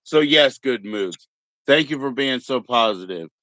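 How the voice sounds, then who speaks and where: A man's voice: mid-range voice, lively intonation, measured pace, fairly bright tone, no echo. A man in his thirties hosting a livestream, rambling and joking crudely in a casual chat. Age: 30s. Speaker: streamer host.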